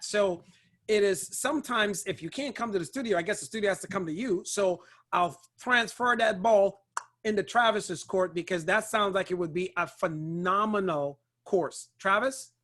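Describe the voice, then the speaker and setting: A man hosting a Q&A call, relaxed and friendly in casual chat. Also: sits high. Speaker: host of a Q&A call.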